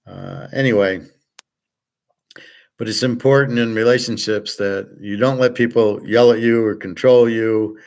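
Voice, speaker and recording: A man's voice: fairly low pitch, fairly even intonation, unhurried, gravelly, a little mellow. Blunt, rambling middle-aged man. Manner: blunt, self-assured, repeats words while ranting. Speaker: podcast host. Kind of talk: rambling monologue.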